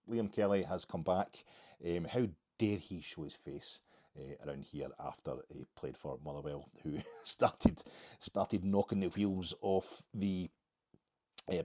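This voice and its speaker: Low-voiced rambling Scottish man. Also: darkish tone, breathy edge. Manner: rambling, self-mocking, wry. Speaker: podcast host. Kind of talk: casual monologue.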